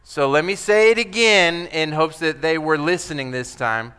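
A man's voice: on the high side, normal speed, pushed and bright, clear, resonant tone. A man preaching a sermon as pastor, talking emphatically and conversationally, acting out the scripture he quotes.

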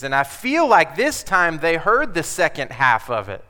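A man's voice: fairly high pitch, wildly swooping pitch, a little slow, hardly any pauses, bright, forceful tone. A man preaching a sermon as pastor, talking emphatically and conversationally, acting out the scripture he quotes.

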